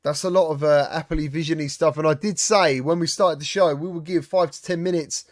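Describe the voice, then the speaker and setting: A middle-aged man hosting a podcast, chatting casually and telling animated stories. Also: fairly high pitch, a little fast, no room sound, clean studio sound. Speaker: podcast host. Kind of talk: casual chat.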